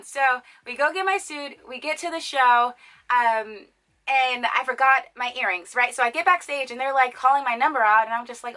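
Bright, chatty young woman vlogger. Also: high voice, moderate pace, low-quality recording. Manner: animated, chatty, lots of fillers. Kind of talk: casual storytelling to camera.

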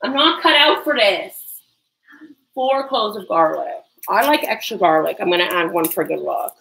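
Jittery, animated woman chatting. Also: mid-range voice, normal speed, vocal fry, a little hiss or hum, low-quality recording. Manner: nervous, self-deprecating chatter with sudden yelps. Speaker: livestream cooking host. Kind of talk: casual livestream chat while cooking. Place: home kitchen.

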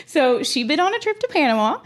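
Animated woman telling a story. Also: fast talker. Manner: animated storyteller, acts out quotes with big pitch jumps. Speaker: podcast co-host. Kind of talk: casual chat.

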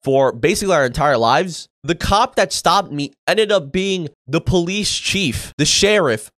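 A young man casually telling a party story to camera, animated and swearing freely, acting out what others said. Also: on the high side, unhurried, dry recording. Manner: animated, acts out quoted voices, swears freely. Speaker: storytime YouTuber.

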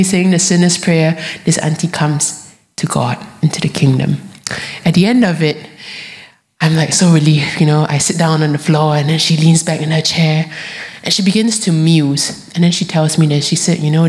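A woman, preaching a sermon and telling a story with lively quoted voices. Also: sits low. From Singapore. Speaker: guest preacher.

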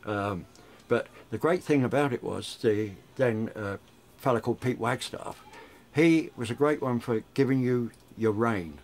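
A man's voice: mid-range voice, unhurried, darkish tone. An older man, a radio DJ chatting through memories in an interview, rambling with frequent restarts. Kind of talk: reminiscing interview.

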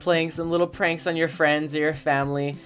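A gaming channel host giving casual let's-play commentary, theatrical and expressive, talking straight to the viewers. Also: mid-range voice, fairly quick, faint music behind.

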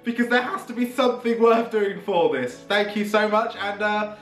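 Guy, young, high voice, jittery casual vlog chat, roomy echo with music low behind. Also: normal speed, a bit bright, distant mic. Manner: chatty, nervous, self-mocking. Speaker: YouTuber. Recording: echoey room, faint background music.

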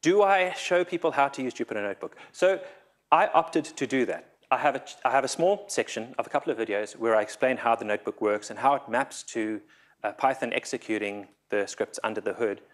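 A man's voice: mid-range voice, fairly quick. A man giving a conference talk, nervous, often stumbling and repeating his words. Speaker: conference speaker. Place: conference hall.

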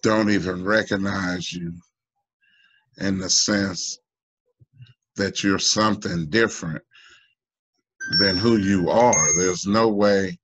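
A man from the United States giving halting, emotional personal testimony in an online town hall, full of restarts and fillers, his pitch climbing when he pleads. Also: fairly even intonation. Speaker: union member asking a guest.

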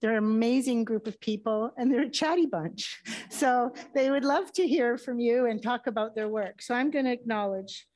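A woman's voice: a little high, moderate pace, a little mellow, rough recording. A woman co-curator giving opening remarks at a museum exhibition in a friendly, self-deprecating, conversational way. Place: museum event space.

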